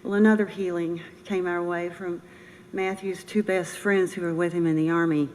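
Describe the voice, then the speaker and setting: An older woman giving a personal memorial speech as a bereaved military mother, earnest, halting and emotional. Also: on the low side, fairly even intonation, darkish tone. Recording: reverberant room with faint noise.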